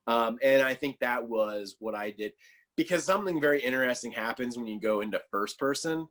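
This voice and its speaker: A man's voice: mid-range voice, expressive, a little fast, a bit bright. A man talking as a guest on a casual podcast, telling stories loosely with lots of fillers and a sarcastic sense of humor. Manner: loose storytelling full of fillers.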